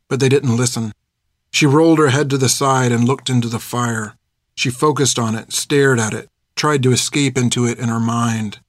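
A man reading a chapter of a novel aloud, in steady, measured scripted narration. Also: medium pitch, no room sound, clean studio sound. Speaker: audiobook narrator.

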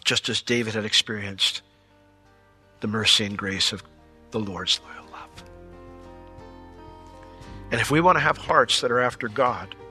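A man preaching a sermon as pastor, telling Bible stories with lively, playful asides. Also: mid-range voice. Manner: animated storytelling with playful asides.

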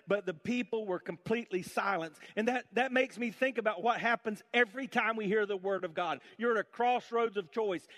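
A male pastor preaching a sermon in an animated storytelling way, swinging between loud and hushed delivery. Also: sits high.

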